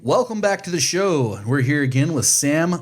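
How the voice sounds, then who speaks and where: A man's voice: a little high, big pitch swings, moderate pace, soft background music. A man hosting a podcast in an easygoing, joking, informal way. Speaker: podcast host. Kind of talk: casual podcast chat.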